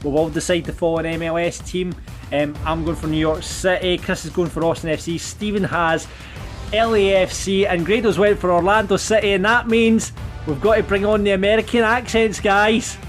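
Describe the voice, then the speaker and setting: A Scottish man hosts a casual football podcast, reading listener messages and chatting in an upbeat, laugh-prone way. His voice sits high for a man, with a faint music bed under it. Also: steady tone, moderate pace. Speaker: podcast host.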